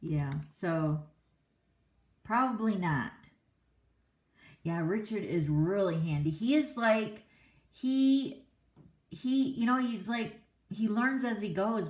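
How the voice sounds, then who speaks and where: A middle-aged woman with a medium-pitched, slightly mellow voice hosts a card-making class from a home craft classroom, streaming live. She chats in a rambling, casual way and laughs often, and the room sounds echoey.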